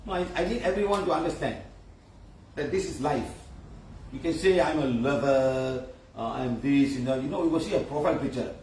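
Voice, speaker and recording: A man's voice: a little high, fast talker, pauses often, darkish tone. A man, a spiritual healer talking informally to a live audience, telling stories animatedly, acting out quotes and asking rhetorical questions. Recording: echoey room, far from the mic, faint background hum.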